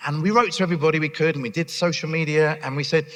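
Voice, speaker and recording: A man's voice: fairly high pitch, rapid-fire, hardly any pauses. A man giving a conference keynote on a stage, telling stories with animation and acting out voices. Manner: animated storyteller who acts out voices. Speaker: charity leader giving a conference talk. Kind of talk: keynote talk. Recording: echoey hall.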